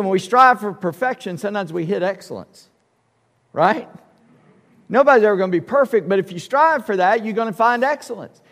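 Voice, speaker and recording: A man with a high voice preaches a sermon, emphatic and conversational, dropping casual asides to the congregation. His voice rings out with a long reverb through a church sanctuary. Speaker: pastor.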